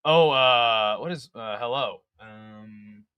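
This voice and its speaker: Smooth and slow, with a medium pitch, this young man hosts a laid-back live fight companion stream. Between calls of the action he chats with viewers, reads their comments out loud and curses freely. The recording is dry and lo-fi.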